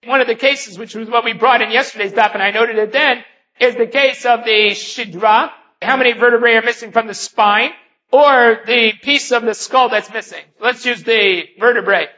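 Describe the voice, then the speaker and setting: Guy teaching talmud, explains it bit by bit with hebrew and aramaic bits, bright edgy voice, kinda muffled recording. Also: very high-pitched. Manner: explains step by step, mixing Hebrew and Aramaic terms. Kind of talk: daily Talmud lesson. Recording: dull lo-fi recording.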